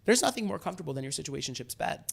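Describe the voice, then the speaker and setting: A man co-hosting a podcast in casual chat, telling animated stories that swing between loud and hushed. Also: fairly high pitch, racing, creaky, husky. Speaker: podcast co-host.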